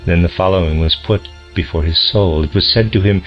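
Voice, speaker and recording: A man reading a lecture aloud in a slow, deliberate, solemn manner, on a dull lo-fi recording. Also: deep voice, soft background music. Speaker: audiobook reader.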